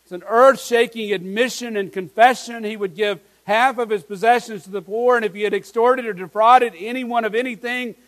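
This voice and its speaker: A man's voice: sits high, steady tone, moderate pace, few pauses, fairly bright tone, low-quality recording. A pastor preaching an earnest sermon to his congregation, asking his listeners many questions.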